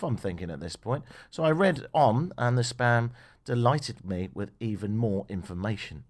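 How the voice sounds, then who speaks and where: A man's voice: on the low side, animated, normal speed. A man hosting a radio talk show, joking and making sarcastic asides.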